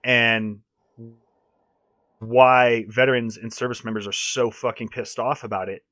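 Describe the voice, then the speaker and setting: A man's voice: medium pitch, level tone, a little slow, a bit bright, dry recording. A man ranting hard in a casual podcast chat, heated and swearing often.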